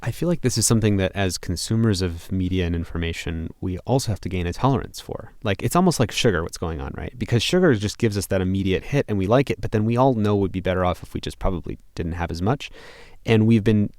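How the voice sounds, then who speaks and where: Casting: male host, lower voice, thoughtful musing delivery, dry studio sound. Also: expressive, fast, a little mellow, dry recording. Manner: thoughtful, reflective questions. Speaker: podcast host. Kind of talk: podcast conversation.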